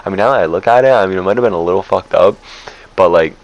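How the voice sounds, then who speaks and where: Young male vlogger, low creaky voice, loose and profane, fillers everywhere. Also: rapid-fire, muffled recording. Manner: rambling, profane, lots of fillers. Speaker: storyteller vlogger. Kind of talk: casual storytime.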